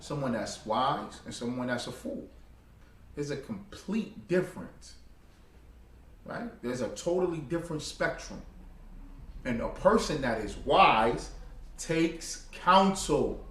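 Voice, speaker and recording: A man preaching a street-style sermon, emphatic and full of slang and rhetorical questions, at times rising to a loud exhortation. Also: medium pitch, sing-song, takes it slowly, pauses often. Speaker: preacher teaching a religious group. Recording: echoey room, far from the mic.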